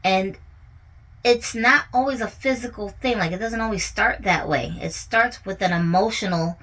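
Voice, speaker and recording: A woman's voice: mid-range voice, normal speed, fairly bright tone, poor audio. A woman giving a casual commentary monologue about relationships, talking conversationally and often checking in with her listener. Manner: conversational, often asks "you know what I'm saying?".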